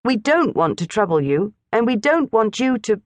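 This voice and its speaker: A clever schoolboy lays on earnest, overly polite charm, as a woman reading a storybook puts him on. The voice sits a little higher than hers and moves with lively ups and downs. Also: moderate pace, no room sound. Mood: ingratiating. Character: clever, smooth-talking English schoolboy.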